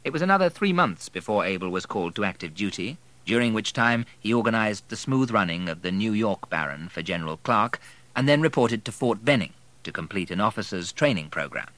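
A man reading a novel aloud in a measured, scripted narration style, recorded close to the mic. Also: lowish voice, lively intonation, fairly bright tone, dry recording. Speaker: audiobook narrator.

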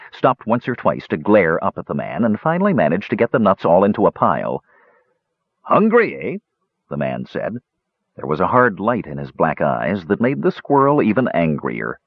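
Husky male audiobook narrator, wide-ranging. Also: deep voice, no room sound. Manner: expressive, dramatic reading. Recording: dull lo-fi recording.

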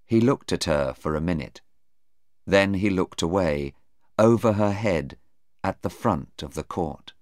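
A man reading a story aloud as narrator, slowly and clearly. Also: no room sound, clean studio sound. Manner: slow, careful reading with lively pitch. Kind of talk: scripted narration of a graded reader.

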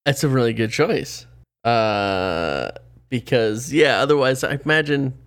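A man's voice: mid-range voice, animated, unhurried, a bit bright, clear, resonant tone. A man acting as game master, narrating a gamebook aloud in a playful, jokey way. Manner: jokey, slips into character voices.

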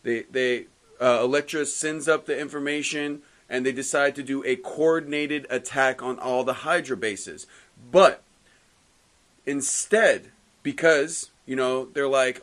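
A man co-hosting a casual podcast, recapping a comic book story with lively quoted lines and frequent restarts. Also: mid-range voice, normal speed. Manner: animated storytelling, recapping plot with quoted voices. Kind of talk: casual chat.

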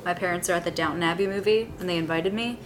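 A woman's voice: lowish voice, fast, background noise. A young woman co-hosting a casual podcast over a video call, playful and chatty. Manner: playful, breaks into singing. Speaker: podcast co-host.

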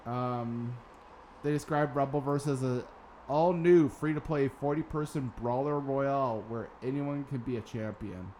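A man's voice: mid-range voice, a little slow, darkish tone, slight background noise. A man hosting a casual gaming news podcast, sarcastic and swearing now and then. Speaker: podcast host.

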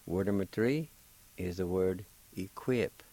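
A man with a low, warm voice hosts a radio lesson teaching Cherokee, spelling words out slowly one syllable at a time and patiently encouraging the listener. The recording is rough.

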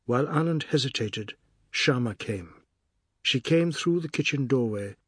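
A man reading a literary novel aloud as an audiobook narrator, measured and even. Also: mid-range voice, slightly rough, dry recording, clean studio sound.

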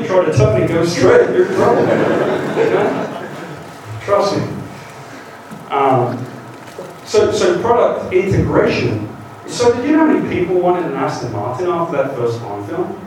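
A British man in his forties giving a lively, joking conference talk and acting out quotes as he goes. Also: mid-range voice, a little hiss or hum. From Great Britain. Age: 40s. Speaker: guest lecturer. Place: large university lecture hall. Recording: echoey hall taped from far off.

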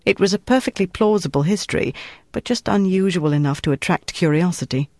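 A narrator reads a novel with a measured, even delivery. The voice is gravelly and close, recorded dry with no room sound. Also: mid-range voice, dry recording. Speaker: audiobook narrator. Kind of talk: scripted narration.

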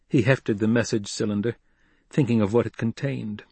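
A man narrating an audiobook in a measured, even delivery. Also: lowish voice, creaky, breathy edge, no echo.

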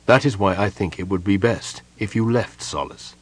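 A man's voice: lowish voice, normal speed, breathy edge. A man as a weary, earnest husband. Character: weary middle-aged man, serious and guarded.

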